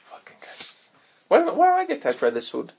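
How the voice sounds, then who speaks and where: Young dude, raspy creaky voice, goes up and down a lot, crude podcast jokes. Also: male voice, very high-pitched, wildly swooping pitch, a little fast, a little mellow, slight background noise. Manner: rambling, crude jokes, laughs at his own lines. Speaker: podcast co-host. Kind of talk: casual podcast banter.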